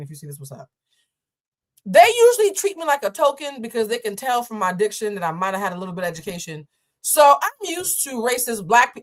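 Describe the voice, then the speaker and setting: A woman hosting a live show, telling a story in an animated way and deliberately slowing down. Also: a little high. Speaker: host.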